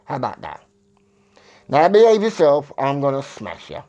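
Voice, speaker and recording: A man's voice: mid-range voice, huge pitch swings, moderate pace, warm tone, muffled recording. A man voicing a medieval English king who bluntly warns and threatens his neighbouring realms. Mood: stern.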